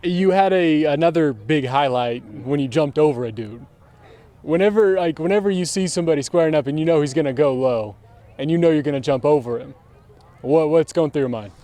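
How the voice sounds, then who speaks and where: A man's voice: a little high, fairly quick, mellow. A man, a TV sports reporter, interviewing a player outdoors at a school field with friendly, joking questions.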